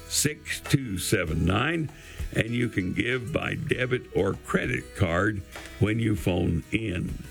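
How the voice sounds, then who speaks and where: Slow gravelly man making a radio appeal. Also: fairly low pitch. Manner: slow, earnest, repeats details carefully. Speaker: radio station fundraiser. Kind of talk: on-air donation appeal.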